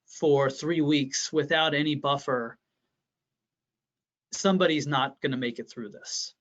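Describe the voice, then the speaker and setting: Man, pediatrician presenter, candid personal story, halting restarts, somewhat high voice, muffled lo-fi sound. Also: fairly bright tone. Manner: earnest, halting, repeats and restarts phrases. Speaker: pediatrician presenting to health professionals. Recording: dull lo-fi audio.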